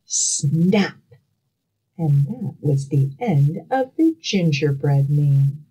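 A woman librarian reading a fairy tale aloud and leading children's storytime outdoors, slow and expressive. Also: sits low, breathy edge, highs cut off.

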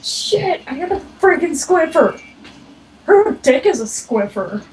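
A woman's voice: high voice, sing-song, slow pace, a little mellow, recorded from a distance, poor audio. A young woman joining casual gaming commentary as a co-host, swearing and laughing at her own klutziness. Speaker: co-host friend.

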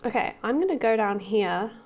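A woman hosting a casual let's-play, gushing and excitable, with squeals of delight and soft murmurs as she explores. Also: medium pitch, moderate pace, dull audio, faint music behind. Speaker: gaming channel host.

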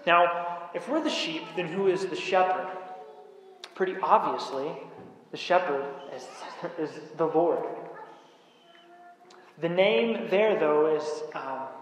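A man preaching a sermon in a church, measured and emphatic, pausing on key words. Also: fairly high pitch, expressive. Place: church sanctuary. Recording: very echoey church hall with faint hiss.

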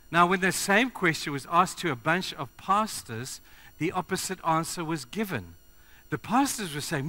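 Bright-voiced preacher delivering a sermon. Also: male voice, high-pitched, normal speed. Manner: animated, shifts from loud urgency to quiet earnestness; addresses the congregation directly.

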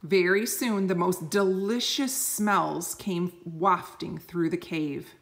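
A woman reading a picture book aloud slowly and gently, explaining words for children. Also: fairly low pitch, gravelly. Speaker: storyteller.

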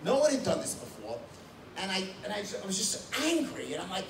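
A man running a live sales training, telling stories in a blunt, animated way with frequent "right?" and swearing, at a whiteboard. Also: high-pitched, brisk, noisy background. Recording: roomy echo from a distance.

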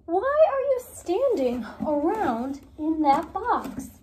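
A woman's voice: extremely high pitch, very animated, takes it slowly, a little mellow, slight background noise, full character voice. A woman voicing a curious grown-up who keeps asking questions in a children's storybook reading.

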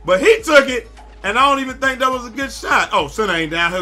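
A young man giving loud, excitable live commentary while playing a basketball video game, often yelling at his teammates. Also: extremely high pitch, brisk, faint music behind. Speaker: gaming YouTuber.

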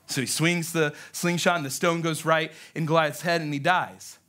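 A man pastor preaching a lively sermon, telling stories and acting out the voices in them. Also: on the high side, fairly quick, hardly any pauses.

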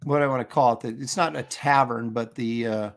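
A man's voice: medium pitch, fairly even intonation, brisk. A middle-aged man co-hosting a casual chat, enthusiastic and rambling, often restarting his sentences. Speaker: co-host.

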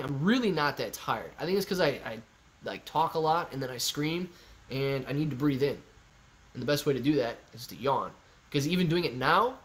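With a mid-range voice, a young man hosts a casual stock-trading livestream. He reads viewer comments in a goofy, animated way, lurching from shouting to mumbling.

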